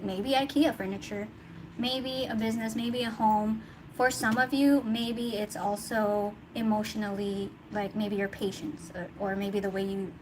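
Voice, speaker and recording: A woman giving a casual tarot reading, chatty and thinking aloud, laughing often. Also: medium pitch. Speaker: tarot reader. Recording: noticeable background noise.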